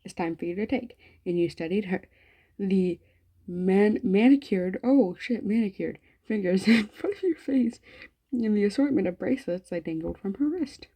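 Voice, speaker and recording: A woman's voice: medium pitch, expressive, moderate pace, warm tone. A woman hosting a gaming channel, reading a visual novel aloud in a casual, chatty way, with slangy, swearing asides.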